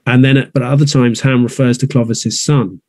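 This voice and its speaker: A man in a conversational interview, speaking thoughtfully at a middle pitch. He often restarts his sentences and circles back to reach his point. The sound is dry and close. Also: steady tone, fast talker, a little mellow, no echo. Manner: thoughtful, many restarts and fillers. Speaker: theatre producer. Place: north of England.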